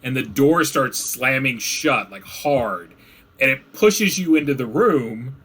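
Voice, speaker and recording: Bright-voiced man running a tabletop game. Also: mid-range voice, animated, slow, breathy edge. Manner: rambling, filler-heavy descriptions. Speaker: game master.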